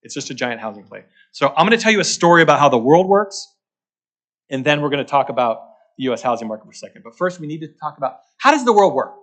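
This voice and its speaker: A man's voice: on the high side, sing-song, quick pace, fairly bright tone. A man gives a luncheon talk as a market strategist, repeating his key points and checking in with the audience by asking "okay?". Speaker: guest speaker, market strategist.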